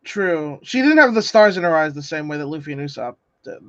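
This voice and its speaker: A man's voice: a little high, expressive, a little fast, fairly bright tone, no room sound, highs cut off. A man co-hosting a casual live stream, chatting as he reads a comic aloud and throws in joking asides. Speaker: co-host.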